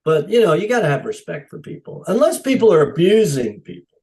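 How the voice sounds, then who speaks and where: This is a casual podcast interview with a middle-aged stunt coordinator who speaks briskly in a voice on the high side. He tells stories and acts out the dialogue with animation, recorded on a podcast mic at low quality.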